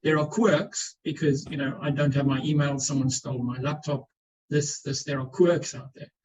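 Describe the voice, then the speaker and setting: A man's voice: a little high, fairly even intonation, moderate pace, darkish tone, slightly rough, low-quality recording. A man speaking as a panellist on a webinar, answering questions earnestly and often repeating words as he restarts. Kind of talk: explanatory webinar talk. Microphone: video call.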